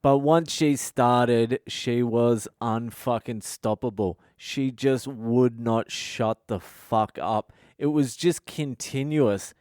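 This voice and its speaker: Foul-mouthed man, smooth dry voice. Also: mid-range voice, takes it slowly, hardly any pauses, darkish tone, dry recording. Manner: foul-mouthed, blunt, ranting. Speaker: podcast host. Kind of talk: casual storytelling monologue.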